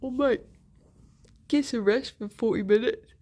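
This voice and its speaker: A woman putting on a blunt, brash Cockney neighbour voice, shouting out a window with a Cockney accent. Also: fairly high pitch, a little slow, lightly acted. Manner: loud, blunt calls out a window.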